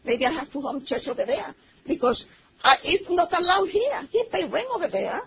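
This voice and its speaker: High-voiced woman with a Spanish accent. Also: normal speed, vocal fry. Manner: broken English, slipping into Spanish, animated storytelling. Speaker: church member giving testimony. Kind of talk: personal testimony. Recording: slightly muffled recording with faint noise.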